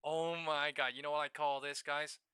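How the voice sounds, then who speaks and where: A man live-streaming stock trading, talking to his viewers in a loose, profane, excitable way. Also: on the high side, normal speed, smooth, no room sound. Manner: profane, excitable, laughs and shouts at market moves. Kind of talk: live-stream market commentary.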